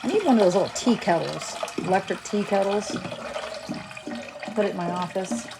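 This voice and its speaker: A woman's voice: mid-range voice, lively intonation, normal speed, creaky, noisy background. A middle-aged woman chatting casually on a livestream, rambling and exasperated as she talks to viewers. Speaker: livestream host.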